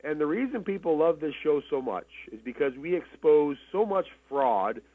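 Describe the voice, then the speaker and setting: A man's voice: on the high side, lively intonation, normal speed, no room sound. Canadian man on a tinny phone line. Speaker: radio co-host. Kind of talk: casual talk radio chat.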